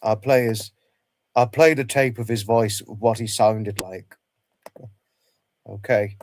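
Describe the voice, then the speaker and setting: A man hosting a casual livestream, reminiscing in a halting way, often repeating himself and restarting his sentences. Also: on the low side, fairly even intonation, a little mellow, slight background noise. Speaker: livestream host.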